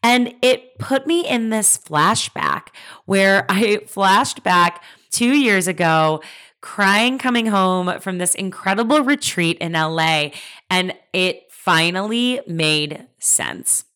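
A woman's voice: mid-range voice, animated, slow pace, a bit bright, clear, resonant tone. A young adult woman hosting her own podcast, telling a personal story in an earnest, confiding and emphatic way. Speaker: podcast host.

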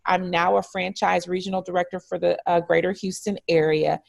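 A woman from Detroit telling a story as an interview guest, acting out the dialogue in lively voices. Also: fairly low pitch, brisk, vocal fry. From Detroit, United States. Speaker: franchise regional director, interview guest. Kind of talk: conversational storytelling.

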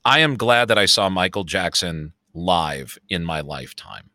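Chicago man, fifties, podcast co-host, animated storyteller, crisp and bright voice, dry recording. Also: low-pitched, normal speed, no echo. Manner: storytelling, animated, swears freely. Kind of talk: casual chat.

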